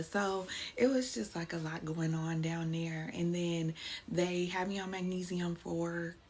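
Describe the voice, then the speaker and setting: A young woman talks straight to the camera, telling her story with animated, blunt swearing. Her voice sits lower than most women's. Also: a little hiss or hum. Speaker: vlogger. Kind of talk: casual storytime monologue.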